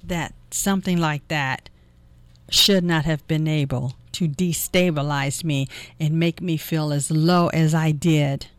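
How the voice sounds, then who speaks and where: A radio talk show host giving earnest, encouraging advice, slowing down for emphasis. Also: medium pitch, steady tone, clean tone, dry recording.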